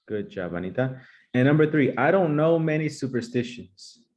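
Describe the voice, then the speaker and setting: A man playing an English teacher, calling on students and giving brisk, upbeat praise. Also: mid-range voice, animated, darkish tone. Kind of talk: playful classroom sketch.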